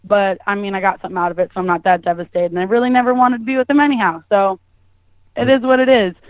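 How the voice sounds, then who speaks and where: A woman's voice: medium pitch, fairly even intonation, quick pace, dry recording. A young woman calling in and chatting away as she tells a story, laughing often and filling her talk with "like.". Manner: chatty, laughing, lots of "like" fillers. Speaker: caller guest. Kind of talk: casual storytelling. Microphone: phone. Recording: tinny phone line.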